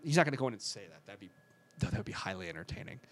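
Guy chatting hockey fast, rambly, keeps correcting himself, dry close sound. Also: on the low side, big pitch swings, no echo. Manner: rambling, quick, self-correcting. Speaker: podcast co-host. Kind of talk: casual hockey chat.

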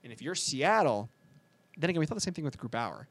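A man co-hosting a casual chat, talking fast and correcting himself as he goes. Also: on the high side, big pitch swings, fairly bright tone, no echo. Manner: rambling, quick, self-correcting. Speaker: podcast co-host.

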